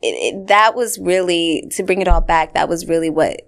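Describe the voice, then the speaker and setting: A woman's voice: lowish voice, moderate pace, creaky. A woman in her late twenties hosting a podcast, telling stories in casual chat with lots of fillers and acted-out quotes. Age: 20s. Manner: animated storyteller, heavy "like" filler, acts out quotes. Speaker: podcast host.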